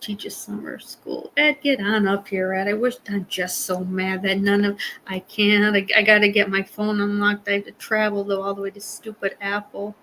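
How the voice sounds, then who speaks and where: A woman's voice: medium pitch, little pitch movement, normal speed, a bit bright, slight background noise, rough recording. A woman hosting a live stream, chatting casually with viewers in a rambling way and laughing often. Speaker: livestream host.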